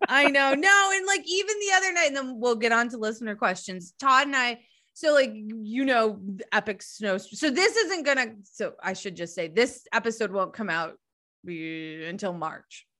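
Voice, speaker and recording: Middle-aged woman, bright higher voice, chatty co-host who swears casually. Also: moderate pace. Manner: animated storytelling, swears casually. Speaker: podcast host. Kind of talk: casual chat.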